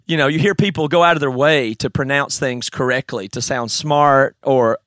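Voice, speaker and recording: A man with a Southern US accent, talking in casual conversation, opinionated and animated, laughing often. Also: medium pitch, normal speed, no echo. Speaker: conference guest.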